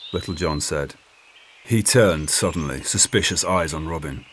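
A man narrating an audiobook in an expressive reading. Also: very deep voice, unhurried, slight background noise. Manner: expressive, voices many characters.

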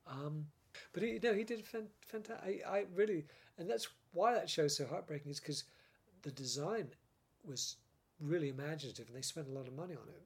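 An older man from Britain talks through his memories in a relaxed interview. His voice sits a little high for a man, with a gravelly, husky grain. He laughs often and breaks off to restart his sentences as he recounts the past. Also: a little fast. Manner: animated storyteller, laughs often, many restarts. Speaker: interview guest, former script editor. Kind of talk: casual interview chat.

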